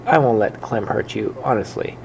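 A man reading the part of a kind young girl in a storybook, speaking softly and soothingly. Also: fairly low pitch, moderate pace, gravelly, a little hiss or hum. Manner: soft, soothing.

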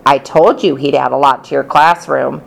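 A woman's voice: very deep voice, steady tone, normal speed, vocal fry, voice pushed down, full character voice. A woman doing a cheerful friendly man. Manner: cheerful, upbeat. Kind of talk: audiobook character reading.

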